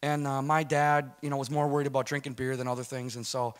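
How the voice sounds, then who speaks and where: A man's voice: mid-range voice, flat delivery, quick pace. A man in his forties giving a rambling, self-deprecating personal testimony to a congregation. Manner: rambling, self-deprecating storytelling with many restarts. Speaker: guest speaker giving testimony.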